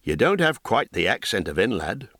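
A man's voice: on the low side, big pitch swings, normal speed, fairly bright tone, dry recording, heavily acted. A man voicing a cautious, earnest young male prince who speaks politely and carefully, in a dry, close recording.

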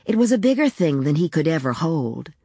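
A woman reads a literary story aloud in the calm, measured manner of an audiobook. Her voice sits low, and she lets the lyrical passages unfold at an even pace. The recording is close and dry, with no room sound around her. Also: slightly rough, no echo. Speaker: narrator. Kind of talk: audiobook reading of literary fiction.

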